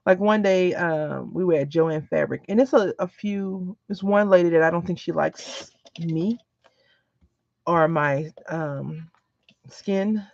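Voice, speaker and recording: A woman's voice: fairly low pitch, vocal fry, darkish tone. A woman with a chatty, rambling way of talking, telling anecdotes while she works on a craft project in a casual vlog. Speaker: crafting vlogger. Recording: dull lo-fi recording.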